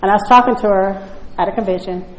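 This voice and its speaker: A woman's voice: medium pitch, fairly even intonation, fast, noisy background. A woman telling her personal story at a recovery meeting, blunt and conversational, often asking "right?". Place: meeting room. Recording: echoey room.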